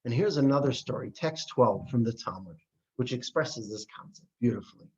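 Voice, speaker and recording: A man's voice: medium pitch, fairly quick. A man teaching a class on Jewish texts, reading passages aloud and explaining them earnestly. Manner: earnest, animated, reads and paraphrases text aloud. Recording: dull lo-fi recording.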